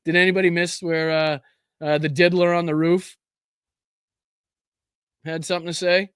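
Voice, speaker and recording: A man's voice: fairly high pitch, level tone, moderate pace, pauses often, fairly bright tone, clear, resonant tone, no room sound, clean studio sound. A man hosting a political commentary livestream, talking casually and profanely, often restarting his phrases as he rambles. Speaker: political commentary show host.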